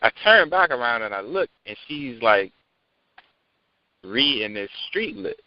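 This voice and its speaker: A man calling in to a radio talk show, telling a story in a relaxed, halting way. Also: medium pitch, no room sound. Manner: relaxed, halting, lots of fillers. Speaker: caller. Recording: dry lo-fi radio sound.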